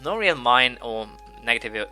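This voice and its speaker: A man's voice: medium pitch, expressive, moderate pace, pushed and bright, soft background music. A man hosting a strategy-game let's play, thinking aloud with many fillers and restarts while he has the hiccups. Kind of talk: gameplay commentary.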